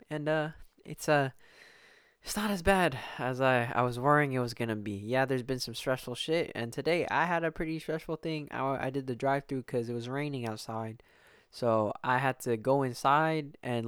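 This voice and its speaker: Alone on his podcast, a young male host chats casually, rambling, swearing a lot, and restarting often. His voice is medium-pitched, a bit bright, and clean in tone, recorded at studio quality with no room sound.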